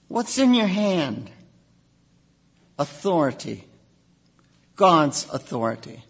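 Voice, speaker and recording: A man preaching a sermon, animated, acting out quoted voices with sudden outbursts. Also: a little high, slow, vocal fry, breathy edge.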